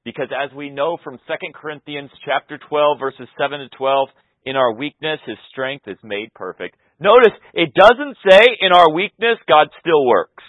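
Guy preaching a sermon, goes loud then soft, thin tinny audio. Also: fairly high pitch, animated, normal speed, no room sound. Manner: swings from loud passionate preaching to soft intimate tones. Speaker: pastor. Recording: tinny phone-like sound.

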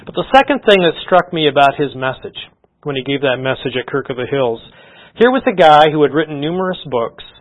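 Earnest preacher with a dull, lo-fi sound. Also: male voice, a little high. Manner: earnest, conversational preaching with frequent restarts. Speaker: pastor. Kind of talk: sermon.

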